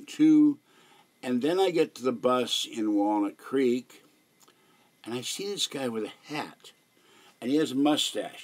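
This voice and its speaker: Rambling older man, lowish voice. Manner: rambling, digressive storytelling. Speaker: livestream host. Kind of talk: casual livestream chat. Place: at home.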